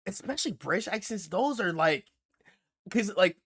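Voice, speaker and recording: A male streamer chats casually with his viewers while reacting to videos. His voice sits a bit high, and he rambles, stops and restarts his thoughts often. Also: expressive, fairly bright tone, breathy edge. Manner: rambling, halting, full of restarts. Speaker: livestream host.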